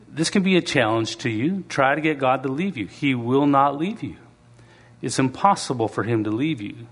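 A man preaching a sermon in a conversational way, now and then acting out quoted voices and reading scripture slowly. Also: medium pitch, animated, fairly bright tone, breathy edge. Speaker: pastor.

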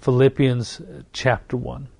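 A middle-aged man preaching a sermon, earnest and warm in his repetition, slowing down to stress each phrase. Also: medium pitch, level tone, vocal fry, no echo. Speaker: pastor.

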